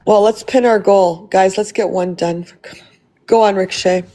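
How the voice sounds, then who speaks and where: A woman's voice: medium pitch, fairly even intonation, moderate pace, mellow. A woman hosting a phone livestream, ranting in a heated, profane and confrontational way while thanking viewers for gifts. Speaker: livestream host. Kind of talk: casual livestream rant.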